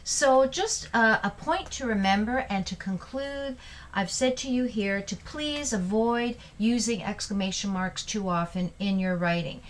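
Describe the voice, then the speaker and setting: Female English teacher, mid pitch, clear explanatory delivery with emphatic example readings. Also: unhurried. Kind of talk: online grammar lesson.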